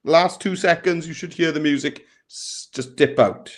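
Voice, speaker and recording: A British man hosting a live software tutorial, chatty and upbeat, walking through each step. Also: a little high, moderate pace, very noisy. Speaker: host tutor.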